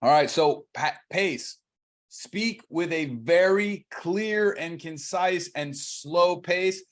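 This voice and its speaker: A man coaching real estate agents in a training talk, energetic, restarting words and slowing for emphasis. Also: high voice.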